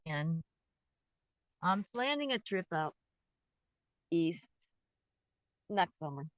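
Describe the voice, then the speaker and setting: A woman's voice: fairly low pitch, very animated, slow pace, no room sound. A woman talking in a casual personal vlog, candid and open about her feelings, rambling and often trailing off to restart her thought. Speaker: vlogger. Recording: dull, dry lo-fi recording.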